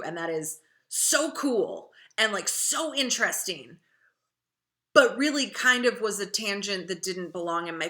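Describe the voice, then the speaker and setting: Young female writing instructor, casual digressive lecture, crisp bright tone. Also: fairly low pitch. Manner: chatty, digressive, many fillers.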